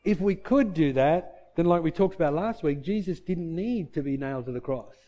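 Mellow pastor preaching a sermon. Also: male voice, animated, normal speed. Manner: asks the congregation questions and answers them himself; drops to a soft, low voice for heartfelt points.

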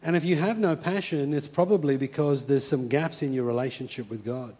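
A male pastor preaching a sermon, telling a story and then moving into a soft, hushed call to prayer. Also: medium pitch, brisk. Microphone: speaking to a congregation and viewers at home.

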